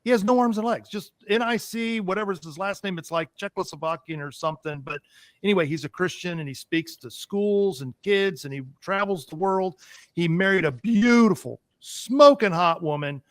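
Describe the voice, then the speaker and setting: A man hosts a heated political talk show, his voice pitched high and recorded close and dry. He rants with force, stumbles and repeats himself as he presses his point. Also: normal speed, no room sound. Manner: emphatic, ranting, repeats himself.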